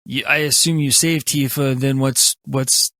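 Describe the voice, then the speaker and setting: A man co-hosting a podcast, asking questions in a halting way with frequent restarts. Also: mid-range voice, steady tone, sharp tone, no echo. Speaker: podcast co-host. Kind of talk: casual podcast chat.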